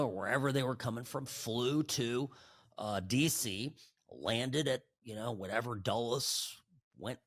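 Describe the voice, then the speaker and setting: A male host delivers political commentary in an animated, sarcastic way, often restarting his sentences. His mid-range voice rises and falls a lot. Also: mid-range voice.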